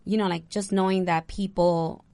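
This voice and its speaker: A young woman, a bride, chatting casually and telling an animated story with lots of "like". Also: lowish voice, normal speed, no echo. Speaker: bride recounting her wedding. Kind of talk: casual chat.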